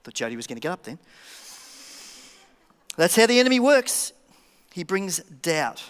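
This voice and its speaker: A male pastor preaching a sermon in a church, animated and joking, dropping to a hush for effect. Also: high voice, normal speed, pauses often. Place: church auditorium. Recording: church hall reverb.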